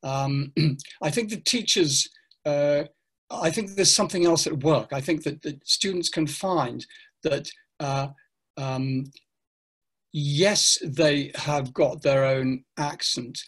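An older man, a teacher trainer, speaking in an online interview with animated, hesitant explanations full of fillers. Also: fairly high pitch, slow pace, slightly rough.

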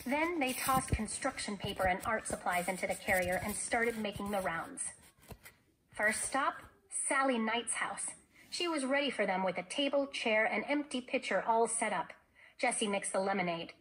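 A woman teacher reading a children's novel aloud in an expressive storytelling manner. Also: fairly high pitch, moderate pace, slight background noise, poor audio.

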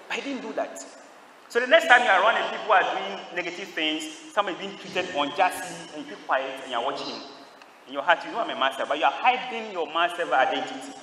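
A male priest preaches to a crowd of young people, throwing questions at them and waiting for their replies. His voice sits a little high and rings out bright and forceful. The sound comes from well back in a big, echoing church with a long reverb tail. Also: animated, quick pace, a little hiss or hum. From Ghana. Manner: call-and-response preaching, quizzing the congregation. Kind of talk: homily at a youth Mass. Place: large church. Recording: echoey church heard from a distance.

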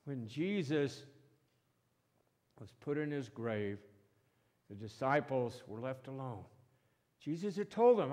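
Slow, emphatic male pastor preaching. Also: mid-range voice, animated, darkish tone. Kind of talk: sermon. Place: church sanctuary. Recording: long reverb of a church hall.

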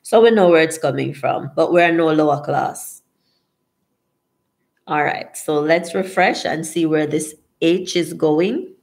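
Slow-talking Jamaican woman hosting a live stream. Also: low-pitched, creaky. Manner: chatty, laughs often, reads out viewer names and answers. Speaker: livestream host. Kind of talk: casual live-stream chat, reading viewer comments aloud.

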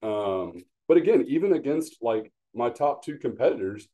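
A man talks sales on a podcast in a blunt, animated way. His voice is warm and mellow, his pitch sits in the middle range, and he acts out little quotes as he tells his stories. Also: normal speed. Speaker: regional sales manager, guest. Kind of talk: casual podcast conversation.

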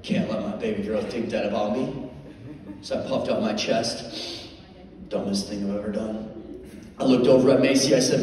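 A middle-aged man, a motivational speaker, telling a comic story to an audience in an animated, jokey way, full of "like" fillers. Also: high-pitched, normal speed. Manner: animated, jokey, many "like" fillers, lively voices for quotes. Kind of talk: comedic storytelling talk to an audience. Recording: echoey hall, mic heard from far off, faint ambience.

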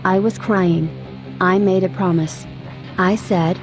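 A woman's voice: fairly low pitch, fairly even intonation, takes it slowly, soft background music. A woman narrating a religious testimony in earnest, exhorting tones.

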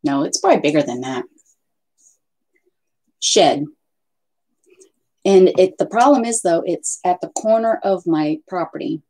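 A woman's voice: on the low side, animated, unhurried, pauses often, darkish tone. A woman hosting a casual craft livestream from home, chatting and rambling to viewers and her pets. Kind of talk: casual live chat with viewers.

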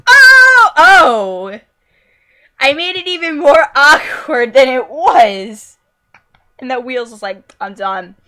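Young woman yelling at her game, squeals and yelps, super lively pitch, slow drawn-out talk. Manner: goofy, squealing and yelping at the game. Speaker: gameplay commentator. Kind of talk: let's play commentary.

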